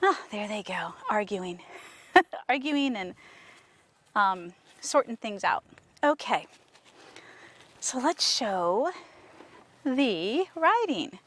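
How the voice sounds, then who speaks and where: A woman horse trainer talking casually to viewers while working a horse, coaxing it with soft praise and explaining with enthusiasm. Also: medium pitch, very animated, extremely slow, long pauses. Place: outdoors with a horse.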